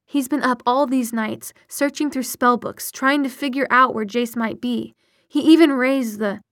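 A woman's voice: a little high, a little slow, no echo, studio quality. A woman reading aloud and voicing an earnest, frustrated young man who speaks urgently and insistently.

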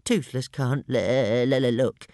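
A squeaky stuttering little dragon. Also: male voice, a little slow, vocal fry, no echo, clean studio sound. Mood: moaning. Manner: stammers on first sounds. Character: small stuttering cowardly male dragon.

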